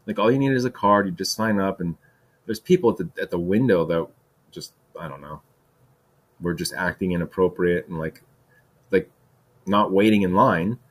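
A man's voice: deep voice, normal speed, long pauses. A man talking in a casual solo monologue, rambling and restarting, with lots of "like" and "dude.". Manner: rambling, heavy use of "like" and "dude"; restarts and repeats words. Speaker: podcast host.

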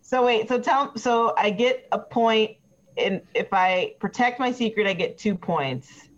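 Woman player checking the rules real quick, higher voice, muffled audio. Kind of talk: casual table talk about game rules. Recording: dull lo-fi recording.

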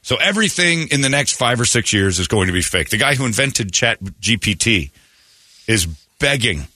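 Radio host guy, bright forceful husky voice, dry close mic, chatty and animated. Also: mid-range voice, moderate pace, no room sound. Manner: storytelling, animated, slips into impressions. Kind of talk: casual radio banter.

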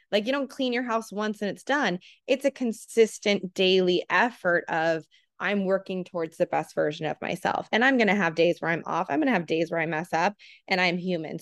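A woman's voice: mid-range voice, no echo, studio quality. A woman in her thirties, a parenting program co-founder, talking earnestly in a casual podcast conversation and acting out the voices she quotes.

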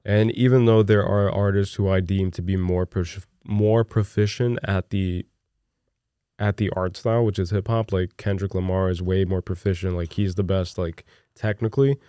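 A young man co-hosting a podcast in casual chat, rambling excitedly and peppering his talk with "look" and "dude". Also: low-pitched, moderate pace, no echo, studio quality. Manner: animated and rambling, with many "look" and "dude" fillers. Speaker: podcast co-host.

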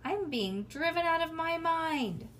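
A woman's voice: very high voice, animated, a little slow, fairly bright tone, slight background noise, voice pushed up, full character voice. A woman reading aloud and voicing an exasperated teenage girl in a storybook. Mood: sulky. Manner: exasperated, sulky. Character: fed-up teenage girl babysitter.

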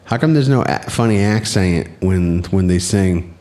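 A man's voice: sits low, animated, normal speed, darkish tone. An American man co-hosting a comedy podcast, riffing and joking in loose, casual banter. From United States. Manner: jokey, riffing, often laughing and doing silly voices. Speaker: podcast co-host.

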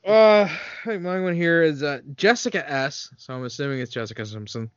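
A man's voice: fairly high pitch, lively intonation, fairly quick, clean tone, no echo. Jokey man reading reviews aloud. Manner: jokey, laughs often. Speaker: podcast co-host. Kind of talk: casual chat reading listener reviews aloud. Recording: dry, slightly dull lo-fi audio.

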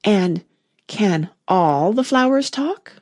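A woman's voice: medium pitch, lively intonation, slow, darkish tone, dry recording, clean studio sound. A woman reading aloud and voicing a curious, polite young girl who asks earnest questions.

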